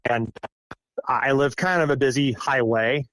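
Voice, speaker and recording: A young man from Iowa, a forestry contractor, recounts his experiences as a podcast guest in a halting, rambling way with frequent restarts and chuckles. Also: medium pitch, a bit bright, no echo. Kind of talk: casual storytelling interview.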